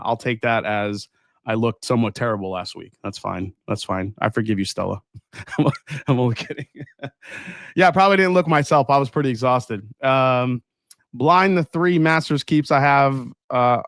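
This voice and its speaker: A man's voice: medium pitch, moderate pace, dry recording, studio quality. A man hosting a casual livestream tasting, upbeat, greeting viewers by name and reading their comments aloud. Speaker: livestream host.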